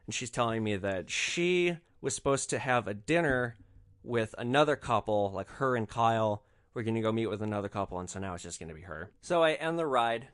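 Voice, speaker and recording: A man's voice: fairly low pitch, expressive, brisk, fairly bright tone, clean tone, no echo, studio quality. A male podcast host telling a story in a sardonic, profane way.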